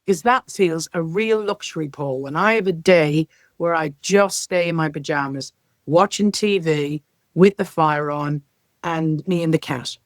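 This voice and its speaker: A middle-aged woman from Ireland, a care sector leader, telling lively stories as a podcast guest and acting out the dialogue in them. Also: on the low side, no echo. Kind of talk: podcast interview storytelling.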